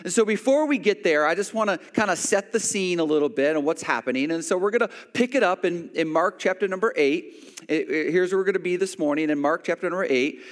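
A man's voice: high-pitched, fast talker, in a large hall. A man preaching a sermon, telling a personal story with many restarts and acted-out quotes. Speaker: pastor.

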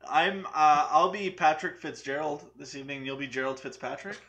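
A man's voice: fairly high pitch, normal speed, dull audio, background noise. A young man hosting a live movie news stream, chatting casually, rambling and joking with frequent laughs.

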